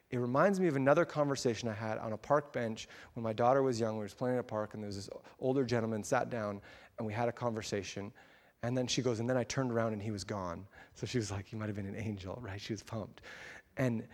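Man preaching casually in a reverberant hall. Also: mid-range voice. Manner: casual, chatty, with fillers and laughs. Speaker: pastor. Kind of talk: sermon storytelling. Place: church sanctuary.

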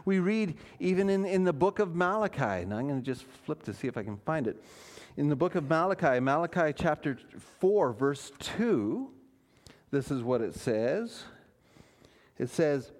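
A man, preaching a sermon as a pastor in a conversational way, with fillers and dramatic pauses. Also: fairly high pitch, animated, a little mellow.

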